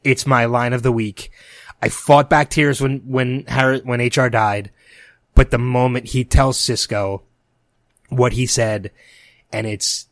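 A man's voice: medium pitch, fairly even intonation, a little slow, dry recording, studio quality. A man co-hosting a casual podcast, talking emotionally and rambling with frequent restarts. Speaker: podcast co-host. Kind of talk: casual chat.

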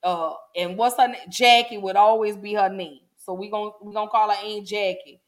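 A woman's voice: mid-range voice, fairly even intonation, normal speed. A woman hosting a casual solo podcast, chatting folksily with her listeners. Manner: chatty, folksy, addresses listeners as y'all and baby. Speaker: podcast host.

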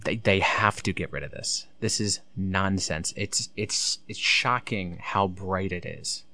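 A man's voice: low voice, measured pace, bright, forceful tone, no room sound. A man recapping a wrestling show in casual commentary, blunt, sarcastic and swearing freely.

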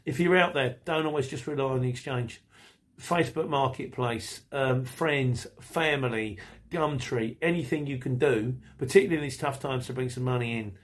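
A man's voice: mid-range voice, normal speed. A middle-aged man hosting a podcast, chatting casually and rambling while he reads out listener messages, laughing often. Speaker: podcast host.

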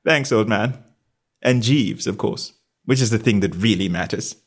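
A man voicing a shy, nervous young English gentleman who speaks in a diffident, flat and toneless way. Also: fairly low pitch, moderate pace, husky. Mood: meek.

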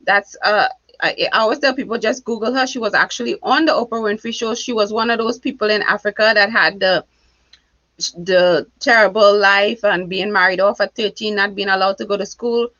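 A woman with a non-American accent, a relationship expert speaking as a guest in a casual interview, animated and quick to laugh. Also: mid-range voice, no room sound, muffled recording. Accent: foreign accent, not American. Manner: animated, laughs often, tells stories.

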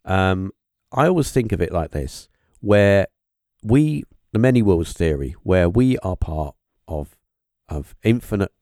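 A man hosting a podcast interview, talking in a halting, musing way with lots of fillers and restarts. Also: low-pitched, dark tone, no echo, clean studio sound. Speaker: podcast host. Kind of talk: casual interview chat.

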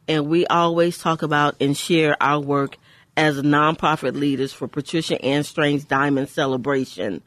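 Excited Christian radio host woman. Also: low-pitched, dry recording. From Houston, Texas. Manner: joyful, emphatic, repeats phrases. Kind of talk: faith-based radio talk. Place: radio studio.

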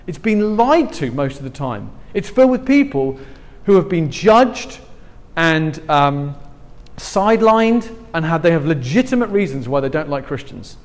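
A man preaching a sermon, animated and emphatic, swinging between loud and hushed. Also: on the high side. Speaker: pastor. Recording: long hall reverb.

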